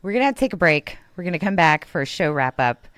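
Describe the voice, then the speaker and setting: A woman's voice: lowish voice, sing-song, fast, a bit bright, no echo. A woman with a Texan accent co-hosting a casual chat show, giggly and prone to wheezing laughter. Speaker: co-host.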